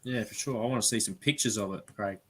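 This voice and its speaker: A man's voice: fairly low pitch, quick pace, crowd noise. An Australian man hosting a casual live-stream chat, talking loosely and laughing often. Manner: chatty, laughs often, animated impressions. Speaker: live show host.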